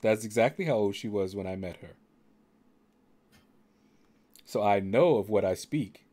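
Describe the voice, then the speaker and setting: A man's voice: on the low side, animated, a little fast, warm tone. Laid-back middle-aged man, dry humor. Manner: laid-back, dryly joking. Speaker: streamer hosting a gaming channel. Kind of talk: casual chat on a game stream.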